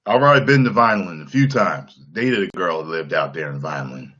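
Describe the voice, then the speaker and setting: A man hosts a casual livestream, bluntly answering chat comments while swearing and laughing often. His low voice is expressive, fast, bright and forceful. The lo-fi livestream audio sounds dull.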